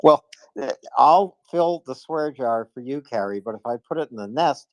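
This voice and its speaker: A man's voice: medium pitch, lively intonation, normal speed, no room sound. A man hosts a casual live chat, hesitating with frequent uhs between dry jokes. His voice sits mid-range, and the sound is dry. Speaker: host.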